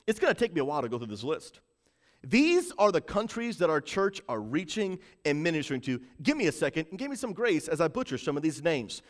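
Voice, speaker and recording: A man preaching to a livestream church audience, building hype and calling on the chat to respond, swinging from loud bursts to low, intent emphasis. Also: very animated, fairly quick, long reverb tail. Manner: rises to shouting in bursts, drops low to stress points. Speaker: pastor.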